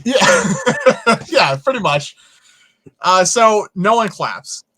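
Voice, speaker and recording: A man who is a filmmaker guest, telling stories in an interview in an animated way and swearing casually. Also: sits high, drawn-out words, slight background noise. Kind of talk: storytelling in an interview.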